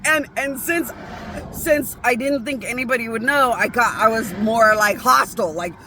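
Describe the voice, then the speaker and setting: High-voiced rambling woman vlogger. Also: normal speed, very noisy. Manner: rambling, profane, stops and restarts her sentences. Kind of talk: casual rambling monologue.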